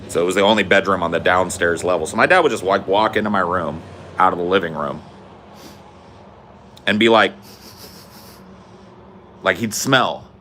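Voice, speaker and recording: A man's voice: low-pitched, moderate pace, pauses often, sharp tone, a little hiss or hum. A young adult man hosting a podcast, telling a rambling story in a casual, profane way. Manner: rambling, swears casually, lots of fillers. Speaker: podcast host.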